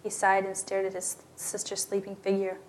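A woman's voice: medium pitch, monotone, moderate pace. A woman narrating a story aloud, lightly giving voice to the characters in plain storytelling. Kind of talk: scripted narration.

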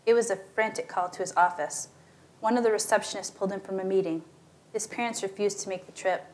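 A woman's voice: fairly quick, a little hiss or hum. Woman reading a story aloud. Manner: reads dialogue with shifting pitch and volume. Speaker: narrator.

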